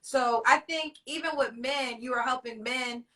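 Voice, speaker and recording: A woman hosting a live online talk show with a high, bright voice. She talks in an effusive, emotional way. Her mic sits a little distant. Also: moderate pace. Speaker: host.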